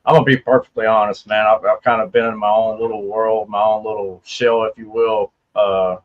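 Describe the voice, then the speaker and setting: A man with a lowish voice, joining a livestream as a guest over dull, lo-fi call audio. He speaks humbly and hesitantly, with plenty of uhs. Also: level tone, a little fast. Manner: humble, hesitant, many fillers. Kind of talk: casual livestream chat.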